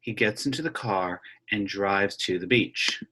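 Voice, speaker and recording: A middle-aged man teaching elementary music over a video call, reading a picture book aloud and explaining rhythms slowly and patiently to children. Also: on the low side, bright, forceful tone, slight background noise. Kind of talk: online music lesson with read-aloud. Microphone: computer mic on a video call.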